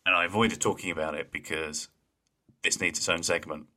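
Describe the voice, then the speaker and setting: A man co-hosting a podcast with a low voice. His tone has a bright, forward edge. He talks in an animated, playful way and laughs easily. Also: brisk. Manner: animated, laughs easily, does mocking impressions of deadpan lines. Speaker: podcast co-host. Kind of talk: casual chat.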